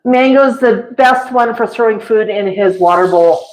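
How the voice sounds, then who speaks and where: A woman hosting a casual livestream, chatting with viewers and coaxing her parrots in a high pet-talk voice. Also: normal speed, rough recording.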